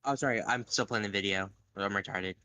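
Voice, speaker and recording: A young man on a call, bantering in a loose, joking way that trails off into fillers. His voice is bright and tense. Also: on the low side, fairly quick. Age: young adult. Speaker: guest on call. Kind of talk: casual chat.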